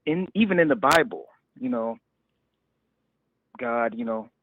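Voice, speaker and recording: A man's voice: medium pitch, expressive, a little slow, no room sound. Hesitant male caller on a phone line. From Arizona. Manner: hesitant, stammering, laughs nervously. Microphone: phone call. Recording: tinny dry phone line.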